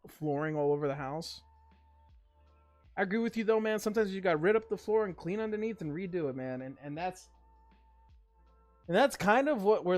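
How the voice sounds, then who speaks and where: A man's voice: sits high, darkish tone. A male livestream host in a casual chat, ranting emphatically and swearing freely.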